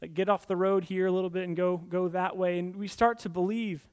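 High-voiced male pastor preaching. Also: flat delivery, brisk, few pauses, darkish tone, smooth. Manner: conversational, repeats words while building points. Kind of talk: sermon.

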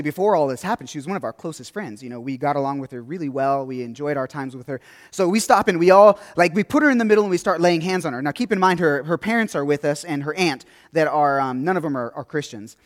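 Young male preacher, slightly high voice, loose conversational sermon storytelling. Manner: casual, rambling storytelling with many restarts and "like".

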